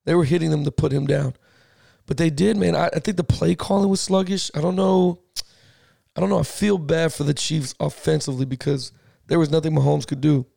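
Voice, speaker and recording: A man co-hosting a sports podcast, animated and casual, swearing now and then as he talks football. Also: fairly high pitch, brisk, creaky, dry recording, clean studio sound. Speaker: podcast co-host.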